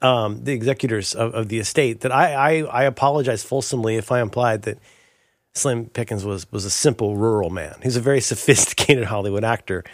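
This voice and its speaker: A man's voice: medium pitch, fairly quick, no room sound, studio quality. A middle-aged man co-hosting a casual chat, rambling and jokey, slipping into goofy impressions. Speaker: podcast co-host.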